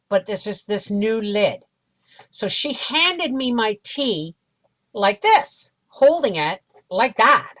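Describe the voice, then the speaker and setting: A woman's voice: medium pitch, fairly bright tone. A middle-aged woman vlogger animatedly retelling a frustrating experience in a casual storytelling way. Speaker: homestead vlogger.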